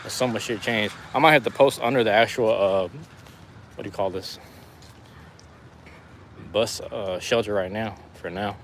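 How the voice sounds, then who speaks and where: A man's voice: lowish voice, steady tone, moderate pace, long pauses, a bit bright, slight background noise. A man live-streaming as he walks a city street in the rain, talking in a laid-back, rambling way full of slang, his voice a little worn. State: losing his voice. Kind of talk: casual walking live stream.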